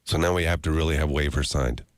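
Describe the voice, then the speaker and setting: A man's voice: rumbling low, quick pace, dry recording, clean studio sound. A man hosting a morning radio show, telling stories and joking in casual banter. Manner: storytelling, animated and joking. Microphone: studio microphone.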